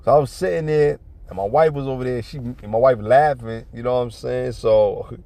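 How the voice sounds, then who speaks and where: A man's voice: mid-range voice, fairly quick, few pauses, warm tone. A man telling a neighborhood story in casual, profane street talk, then urging listeners toward faith, peppering every line with "man" and "you know what I'm saying.". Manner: earnest religious exhortation. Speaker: vlogger giving life advice.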